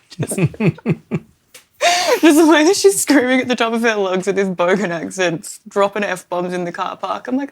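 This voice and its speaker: Australian woman, podcast co-host, chatty and teasing, mid-pitched, laughs a lot. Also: very animated, unhurried, pauses often. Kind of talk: casual chat. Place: home lounge room.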